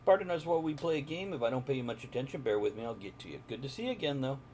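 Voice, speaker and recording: A man's voice: medium pitch, big pitch swings, racing, a little mellow, a little hiss or hum. A man narrating a live-streamed tabletop game as game master, chatty and jokey, chatting with viewers in between.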